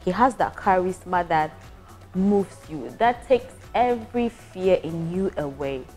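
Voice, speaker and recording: Lively Ghanaian woman telling a story. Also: on the low side, unhurried, faint music behind. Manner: animated, acts out voices, frequent restarts. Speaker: patient giving a testimonial. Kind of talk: casual storytelling.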